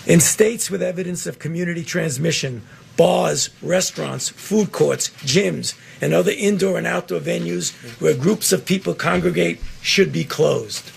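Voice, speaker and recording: Gravelly man reading at a press briefing. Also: a little high, slight background noise. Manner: halting, reads aloud from a document.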